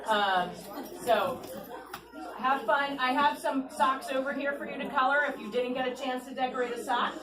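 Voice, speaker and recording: A woman's voice: high voice, moderate pace, distant mic. A woman author doing a storytime reading for children at an ice cream shop, coaxing them with questions. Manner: animated, coaxing, keeps asking the kids questions. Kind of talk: read-aloud storytime with children. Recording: echoey shop room, voice from afar, clear chatter.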